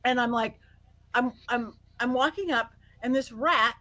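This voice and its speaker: A middle-aged woman guest on an interview, telling stories in an animated way, acting out quotes and laughing often. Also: a little high, unhurried, rough recording. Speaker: guest psychic medium. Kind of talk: casual interview storytelling.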